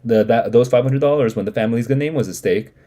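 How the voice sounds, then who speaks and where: A man's voice: mid-range voice, fast talker, dark tone, close to an everyday voice. A man reading the lines of an upset mother who repeatedly demands that her husband speak plainly. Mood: pleading.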